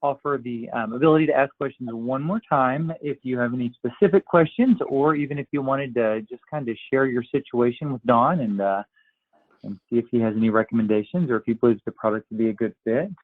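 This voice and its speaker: A man's voice: medium pitch, fairly quick. A man hosting a webinar, thanking the presenter and inviting questions, with frequent ums. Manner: polite, hesitant with many ums. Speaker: webinar host. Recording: tinny phone-like line.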